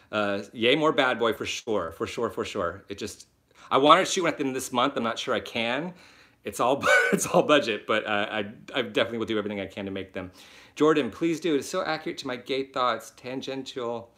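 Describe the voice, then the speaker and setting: A man hosting a live question-and-answer stream, chatting casually and animated, a little sick, talking at home into a laptop mic. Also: lowish voice. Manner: chatty, animated, quick asides and self-mocking laughs. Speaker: web series creator and host.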